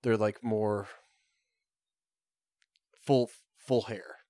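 A man's voice: fairly low pitch, steady tone, drawn-out words, dark tone, dry recording, studio quality. A man co-hosting a podcast, chatting casually, rambling with many fillers and restarts. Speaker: podcast co-host. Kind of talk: casual chat.

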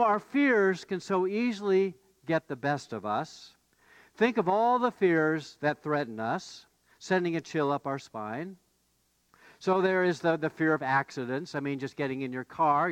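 A male pastor preaching a conversational sermon, with fillers and restarts, rising to animated outbursts when he voices the disciples. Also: fairly high pitch, clean tone, no room sound.

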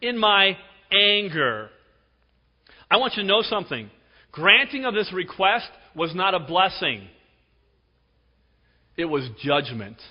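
A man's voice: sits high, animated, unhurried, long pauses, husky. Man preaching in an echoing hall. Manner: storytelling, emphatic, with dramatic drops to a hush. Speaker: pastor. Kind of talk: sermon. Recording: dull recording with long hall reverb.

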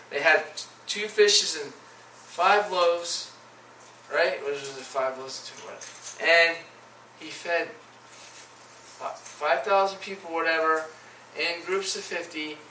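A man giving an informal Bible teaching, reading scripture aloud and then retelling it in casual, animated paraphrase. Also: fairly high pitch, slight background noise. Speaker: preacher. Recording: echoey room, voice from a distance.

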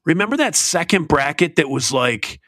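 A middle-aged man co-hosts a podcast in loose, rambling chat and pokes fun at the show. His voice is bright and forceful. The sound is dry and close. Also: fairly high pitch, lively intonation, moderate pace, slightly rough, dry recording. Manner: rambling, self-deprecating, breaks into silly put-on accents. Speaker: podcast co-host. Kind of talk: casual chat.

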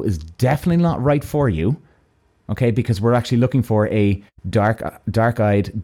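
An Irish man telling a personal story in a loose, swearing, animated way, acting out both sides of each conversation. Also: on the low side. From Ireland. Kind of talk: casual storytelling.

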